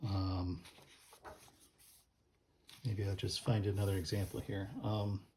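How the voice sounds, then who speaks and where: A man's voice: low voice, level tone, slow pace, darkish tone, slight background noise. A man explaining church music casually, thinking aloud with many ums and restarts as he pages through a book.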